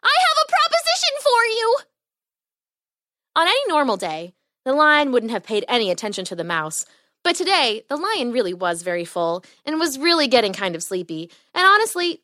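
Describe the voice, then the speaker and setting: A woman hosting a children's podcast and narrating a bedtime story in an animated, expressive way. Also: fairly high pitch, a little fast, dry recording, clean studio sound.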